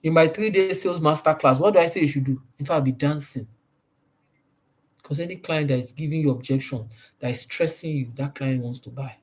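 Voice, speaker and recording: A man giving a sales training talk, pressing each point hard and repeating key phrases. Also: on the high side. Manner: emphatic and repetitive, stresses points by repeating them.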